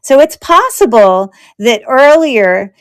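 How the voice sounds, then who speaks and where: Slow, smooth-voiced woman hosting a sale. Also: a little high, animated. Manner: chatty and rambling, thinking aloud. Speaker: host of a live jewelry sale. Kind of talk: casual live-stream selling chat.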